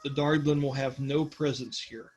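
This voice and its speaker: A man narrating a tabletop game as game master in a relaxed, rambling way, with many fillers. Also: medium pitch, moderate pace, soft background music.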